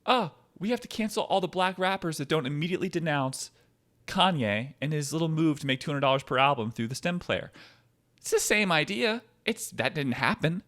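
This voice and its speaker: Podcast host, male, sarcastic profane ranter, very lively pitch swings. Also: brisk. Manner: profane, sarcastic, swings between low mutter and loud outbursts. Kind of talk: ranting commentary.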